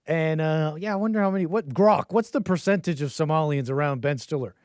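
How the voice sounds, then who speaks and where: Laughing, rambling call-in show host. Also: male voice, a little high, a little fast, a little mellow, clear, resonant tone, dry recording. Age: adult with a child. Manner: rambling, joking, laughs often mid-sentence. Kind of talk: casual livestream commentary.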